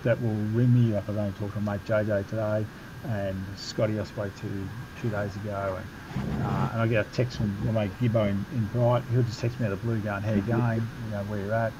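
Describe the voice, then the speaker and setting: A man's voice: fairly low pitch, fairly quick. An Australian man, a Paralympic cyclist, telling a family story in a casual interview, laughing as he goes, over a muffled line with background noise. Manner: animated, laughs through his story.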